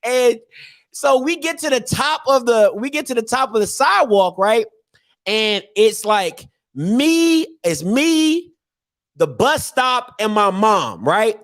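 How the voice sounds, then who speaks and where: A man tells a funny tale with animated delivery and frequent laughter. His pitch swoops all over the place. The sound is dry and close. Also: takes it slowly, no echo. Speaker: storyteller. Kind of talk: comic storytelling.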